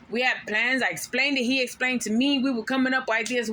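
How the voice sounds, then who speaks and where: A woman's voice: fairly high pitch, steady tone, fast talker, hardly any pauses, sharp tone. A woman telling a personal story to camera in a profane, emphatic, venting way, now and then dropping Spanish slang. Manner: drops Spanish slang words. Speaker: mother of five.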